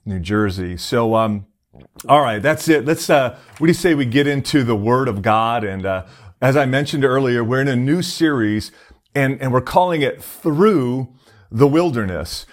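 Guy pastor giving a chill sermon, normal pitch, lots of uhs and um, kinda rambly. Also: expressive, moderate pace. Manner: conversational, many fillers and restarts. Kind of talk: casual sermon.

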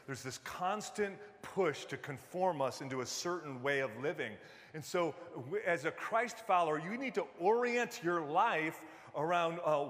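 Joking pastor in an echoing hall. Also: male voice, a little high, fairly bright tone. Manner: joking, conversational, with fillers and restarts. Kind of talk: casual sermon.

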